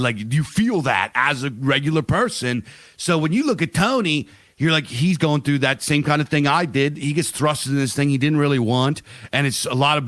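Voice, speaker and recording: A man's voice: mid-range voice, no room sound, clean studio sound. Rambling, profane man on a podcast. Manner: rambling, profane, animated storytelling with voiced asides. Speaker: podcast co-host. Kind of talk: casual podcast chat.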